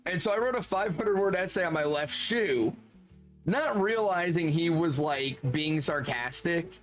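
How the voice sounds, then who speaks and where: A man with a notably high speaking voice tells a rambling anecdote on a live stream, animated and quick to laugh, dropping swear words freely. Faint music plays underneath him. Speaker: streamer reading chat. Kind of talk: casual anecdote storytelling.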